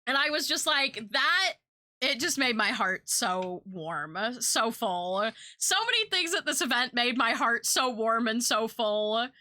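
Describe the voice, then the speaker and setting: A young woman from Kentucky, a streamer and artist, telling stories in casual chat, animated and full of fillers. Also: a little high, measured pace. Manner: chatty, animated, lots of fillers and quoted voices.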